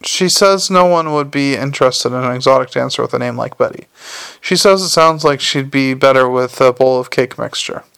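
A man's voice: medium pitch, normal speed, vocal fry, fairly bright tone, clean tone, dry recording. A man voicing a scruffy, chatty male watchman corporal who talks in a cheerfully matter-of-fact way in an audiobook. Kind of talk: audiobook character voice.

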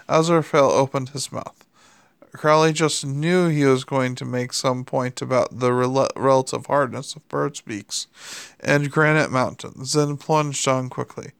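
A man narrating an audiobook in a measured storytelling manner. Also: mid-range voice, steady tone, vocal fry, clean tone, no echo.

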